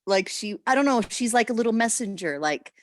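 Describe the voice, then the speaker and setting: A woman on a video call sharing a personal experience in a rambling, emotional way, halting often with restarts. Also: a little high, expressive. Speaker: workshop participant.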